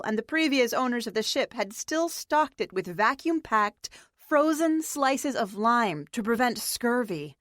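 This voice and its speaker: A woman reading a post-apocalyptic novel aloud as an audiobook narrator, in a measured, even manner. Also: a little high, dry recording, studio quality. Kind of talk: scripted narration.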